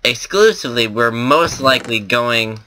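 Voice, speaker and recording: Bright, rambling young-sounding gamer guy. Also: mid-range voice, animated, normal speed, slight background noise. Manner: rambling, thinks aloud with many fillers. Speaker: let's play host. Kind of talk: casual gameplay commentary.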